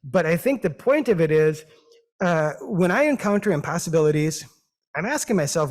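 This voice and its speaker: A man with a Midwestern accent, a physician giving a thoughtful, modest talk with slides, pausing often with fillers. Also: a little high, expressive, darkish tone. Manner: thoughtful, hesitant, with many fillers; modest and self-deprecating. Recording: long reverb of a hall.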